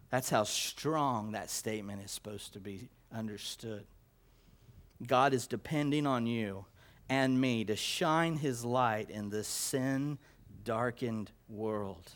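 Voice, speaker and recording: A man preaching a sermon, swinging between loud emphatic declarations and low quiet asides, with repetition and stammered restarts. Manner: slow, deliberate delivery with repetition and stammered restarts.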